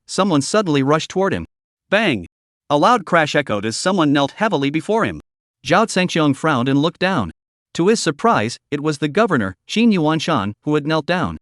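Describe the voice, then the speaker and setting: A man reading scripted narration for a story recap in an even, storytelling delivery. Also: on the high side, no echo, studio quality.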